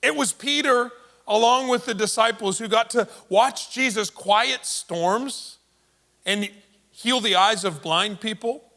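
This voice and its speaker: Bright-voiced, high-pitched male pastor. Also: slow. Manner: conversational storytelling, playful asides. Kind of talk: sermon.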